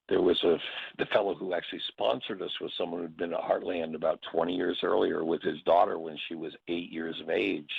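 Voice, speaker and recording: Man, very deep voice, gravelly, husky, storytelling teacher, dull lo-fi recording. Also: no echo. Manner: storytelling, with short acted quotes. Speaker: workshop teacher. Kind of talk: reflective spoken teaching.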